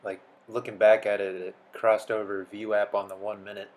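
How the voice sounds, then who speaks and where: A day trader with a fairly low voice and flat delivery talks at normal speed through his trading session. His casual commentary and voice-over sounds sleepy, as if he has just woken up.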